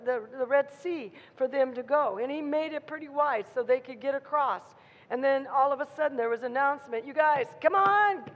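A woman preaching a sermon, telling a story in an animated way and acting out the voices of a frightened crowd. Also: high voice. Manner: animated, acts out crowd voices with rising intensity. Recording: muffled sound in a reverberant hall.

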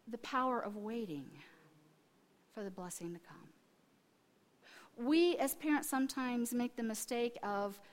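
A middle-aged woman preaching a sermon, telling stories animatedly and acting out the people in them, with frequent restarts. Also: a little high. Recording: long reverb of a large hall.

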